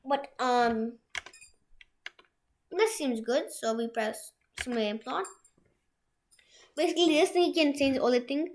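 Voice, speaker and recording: A young woman hosting a software tutorial from a room at home, talking it through in a rambling way with many restarts. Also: high-pitched, a little slow, long pauses, slight background noise. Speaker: tutorial host. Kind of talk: screen-share software tutorial.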